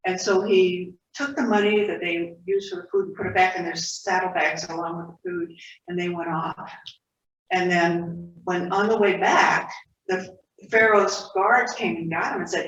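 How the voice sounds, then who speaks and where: A woman's voice: lowish voice, steady tone, measured pace, fairly bright tone. Woman, sermon, conversational storytelling, echoey hall, distant mic. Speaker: speaker at a spiritual center. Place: spiritual center hall. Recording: roomy, distant, dull hall audio with faint noise.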